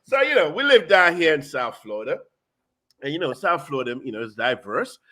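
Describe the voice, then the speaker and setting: A man hosting a casual food chat, hyped and talkative, full of "you know" and "boom". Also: big pitch swings, brisk, pushed and bright. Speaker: show host. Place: South Florida.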